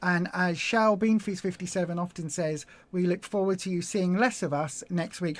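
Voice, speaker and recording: A woman's voice: on the low side, fairly even intonation, normal speed, hardly any pauses, dry recording. A woman hosting a weight loss support live stream, talking in an emotional, effusive way and repeating herself. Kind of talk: casual live stream chat.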